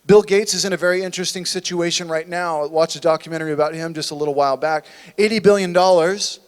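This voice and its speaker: A man's voice: a little high, steady tone, fast talker, hardly any pauses, clean tone, long reverb tail. A man preaching a sermon as a church pastor, conversational and full of rhetorical questions. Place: church sanctuary.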